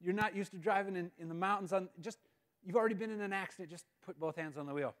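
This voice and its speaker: Guy doing his girlfriend's lines, easygoing young woman, fairly high voice. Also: fast, in a large hall. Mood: calm. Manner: gently coaxing, unbothered.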